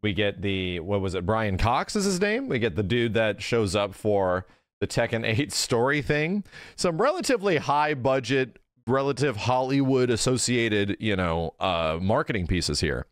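Animated man ranting through a reaction video. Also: fairly low pitch, moderate pace, no room sound, studio quality. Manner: animated, ranting with exasperated outbursts. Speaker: gaming video host. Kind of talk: casual reaction commentary.

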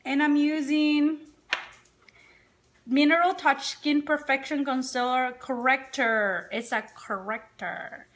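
Tired, chatty woman with a high voice. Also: steady tone, slow pace, a bit bright. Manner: chatty, rambling, talks to viewers and dog. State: tired, sleepy. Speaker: makeup vlogger. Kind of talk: casual live-stream chat. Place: home, indoors. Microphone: phone or webcam.

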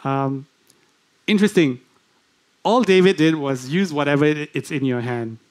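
Male guest preacher, higher-pitched voice, chatty sermon full of questions to the congregation. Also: moderate pace, a little mellow. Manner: conversational, asks the congregation many questions. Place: church.

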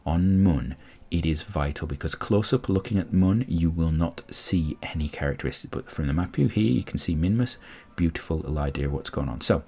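Really deep husky guy narrating his space game, gravelly, kinda rambly, soft music behind. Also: brisk, hardly any pauses. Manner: rambling, explanatory, frequent restarts. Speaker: gameplay commentator. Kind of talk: casual gameplay commentary.

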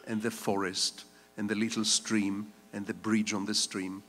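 Delivered at medium pitch with a fairly bright tone, this public lecture comes from an older Israeli guest speaker. Standing on a large conference hall stage, he wanders through stories with dry wit, his words trailing into the room's long reverb.

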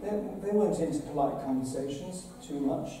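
A man's voice: fairly high pitch, fairly quick, dark tone. A man, a bishop, giving an earnest, conversational address to an assembly, with dramatic retellings. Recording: very echoey hall, voice from far off, faint noise.

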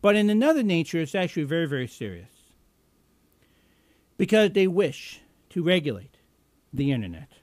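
A man with a notably high voice hosts a live political show, ranting sarcastically. He is combative and indignant and stumbles through fillers. The sound is dry and close to the mic. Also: big pitch swings, normal speed, long pauses, darkish tone, dry recording. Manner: many fillers and restarts. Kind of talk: political commentary rant.

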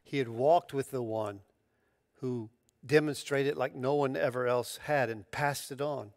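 A man preaching a sermon as pastor, in a conversational, emphatic way, using casual slang and restarting his phrases, rising sharply when excited. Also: mid-range voice, a little slow, dry recording, clean studio sound.

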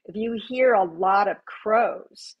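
An older woman talks as a panel guest. She tells her stories gently and reflectively, never in a hurry. Her voice sits at an ordinary middle pitch. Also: husky, dull audio. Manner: gentle, reflective, unhurried storytelling. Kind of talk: live panel conversation.

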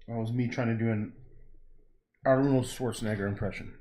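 A man's voice: lowish voice, fast talker, dark tone, a little hiss or hum. A man painting on a livestream, muttering to himself and scolding his own work as he goes. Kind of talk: livestream commentary while painting.

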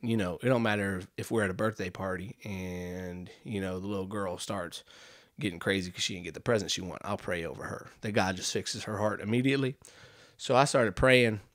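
Young guy rambling thru a funny story on his podcast, gets loud then goes real quiet and deadpan. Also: sits low, fairly quick. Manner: rambling, animated, drops to hushed deadpan asides. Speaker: podcast host. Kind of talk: comedic storytelling monologue.

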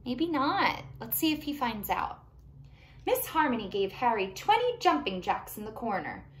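A woman reading a picture book aloud to young children, animated and pausing to ask them questions. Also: fairly high pitch. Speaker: children's storytime reader.

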